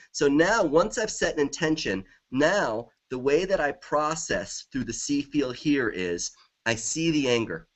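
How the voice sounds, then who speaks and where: A man's voice: mid-range voice, animated, a little fast. A middle-aged man, a guest author in a conversational interview, talking with enthusiasm and repeating affirmations.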